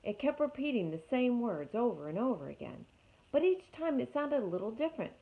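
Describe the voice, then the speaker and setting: A woman's voice: very animated, a little fast. A woman voicing a fussy, alarmed male owl who screeches, read from a storybook. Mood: announcing. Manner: shrill, screeching. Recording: tinny phone-like audio.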